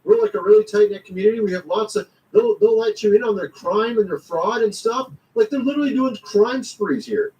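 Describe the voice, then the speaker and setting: A man's voice: high voice, fairly quick, hardly any pauses, a little mellow, far from the mic, a little hiss or hum, rough recording. A man giving rambling, slangy commentary in a vlog, chuckling often. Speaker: commentary vlogger. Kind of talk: casual political commentary.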